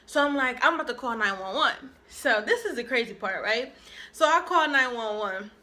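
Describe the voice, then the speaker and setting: A young woman vlogger telling a story in a casual, animated way, acting out the quoted dialogue. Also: on the high side, normal speed.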